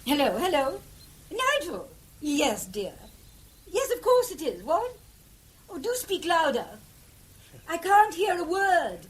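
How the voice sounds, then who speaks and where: A woman's voice: very high voice, big pitch swings, slow, long pauses, heavily acted. An actress playing a flustered aristocratic English lady in a 1950s radio play, fluttery and exclamatory.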